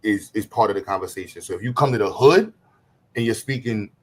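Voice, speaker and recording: A man's voice: fairly low pitch, a little fast. A man laying out his ideas at length in a casual streamed discussion. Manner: reflective, lays out ideas at length.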